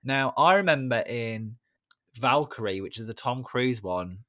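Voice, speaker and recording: A man co-hosting a film podcast, chatting casually and opinionated with quick asides. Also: mid-range voice, animated, a bit bright, no room sound, clean studio sound. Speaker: podcast co-host. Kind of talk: casual film review chat.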